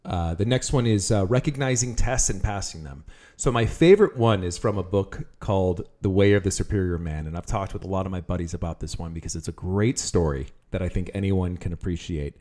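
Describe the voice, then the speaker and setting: A man's voice: sits low, brisk, mellow. A man co-hosting a relationship podcast, talking bluntly and frankly in casual chat. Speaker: podcast co-host.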